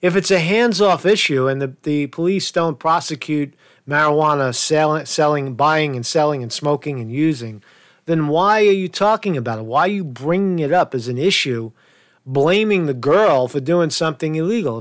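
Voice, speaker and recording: A man's voice: fairly high pitch, expressive, moderate pace, dry recording, studio quality. A man hosting a news commentary show, reading reports and arguing with rhetorical questions in a rambling manner.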